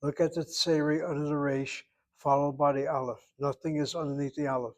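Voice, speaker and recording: Man teaching Hebrew grammar, slightly high voice. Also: little pitch movement, brisk. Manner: patient, explanatory, stresses pronunciation. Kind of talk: classroom grammar lesson.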